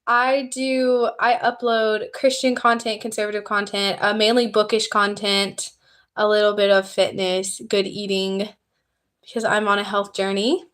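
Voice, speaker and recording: A woman's voice: mid-range voice, flat delivery, a little slow, a bit bright. A young woman from the American South with a Southern accent, chatting casually on a livestream and thanking viewers for subscribing. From Southern United States. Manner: chatty and upbeat, reading out viewer comments and thanking new subscribers. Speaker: YouTuber hosting a livestream.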